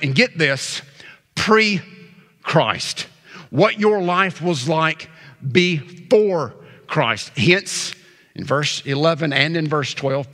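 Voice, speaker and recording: A man preaching a sermon as pastor, emphatic, slowing down and pausing on key words. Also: a little high, pushed and bright. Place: church sanctuary. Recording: church sanctuary reverb.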